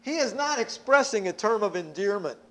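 A man's voice: high-pitched, lively intonation, moderate pace, a bit bright. A man preaching a sermon, emphatic, repeating words as he presses his points.

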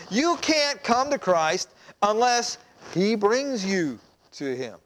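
A man's voice: high voice, sing-song, a little slow, a bit bright. A man, a pastor, preaching a sermon in a conversational way, asking rhetorical questions.

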